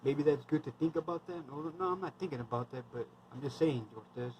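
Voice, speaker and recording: A man's voice: on the high side, fairly quick, a little mellow, slight background noise, rough recording. A man in his thirties, a military veteran, telling war stories in a rambling, blunt, heavily profane casual monologue.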